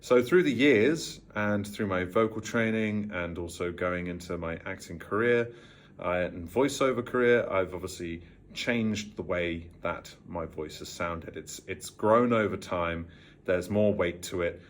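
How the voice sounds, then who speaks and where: Teaching voice technique to camera, this Worcestershire-born coach in his thirties is measured and exact, speaking trained neutral British English. There's a weary quality and a touch of vocal fry to his low voice, with slight background noise behind it.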